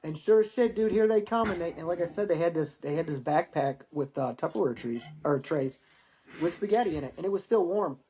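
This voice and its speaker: A man in his forties with an American accent, a Marine veteran telling stories as a podcast guest in a relaxed, profane way, often repeating words as he starts a phrase. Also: on the high side, fairly quick. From United States. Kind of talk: casual storytelling.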